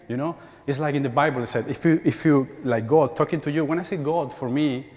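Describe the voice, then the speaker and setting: A man in his forties with a Spanish accent, speaking English as a second language at a conference, halting and repeating words and laughing often. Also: fairly high pitch, darkish tone. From Spain. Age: 40s. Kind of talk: conference talk. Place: large church hall. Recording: hall reverb.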